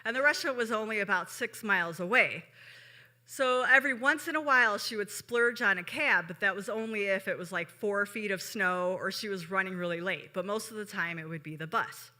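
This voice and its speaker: A woman from Chicago telling a story at a live show, chatty and conversational, turning to the audience with quick asides. Her tone is very bright and sharp, with a middle-range pitch. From Chicago, USA.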